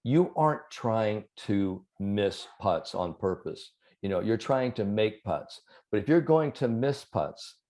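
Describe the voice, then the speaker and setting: Mellow-voiced man, sports psychologist guest. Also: fairly low pitch. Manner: animated storyteller, many "you know" fillers. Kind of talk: conversational interview.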